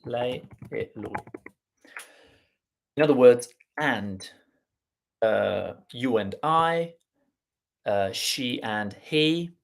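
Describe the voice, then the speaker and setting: A man teaching a lesson live online, explaining slowly with many fillers and restarts. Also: mid-range voice, vocal fry. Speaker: Italian teacher.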